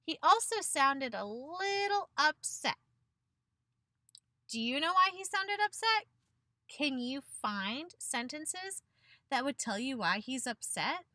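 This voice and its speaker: A woman's voice: high voice, very animated, slow pace, sharp tone, dry recording. A woman teacher giving a picture-book read-aloud lesson to children, encouraging them and asking questions that she answers herself.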